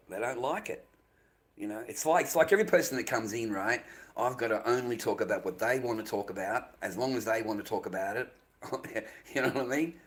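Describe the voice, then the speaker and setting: An Australian man ranting casually on his live stream, profane, rambling and dismissive. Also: mid-range voice.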